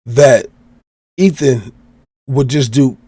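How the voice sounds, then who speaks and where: A man's voice: mid-range voice, fairly even intonation, slow, mellow, slightly rough, no echo. A man from Chicago hosting a podcast, casually retelling a comic chapter step by step and quoting the characters' lines. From Chicago, USA. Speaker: podcast host.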